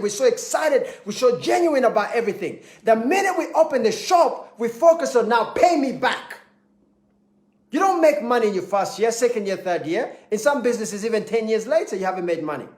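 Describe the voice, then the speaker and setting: Emphatic high-voiced male motivational speaker. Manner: emphatic, repeats key points, acts out little scenes. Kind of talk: motivational talk. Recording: echoey room.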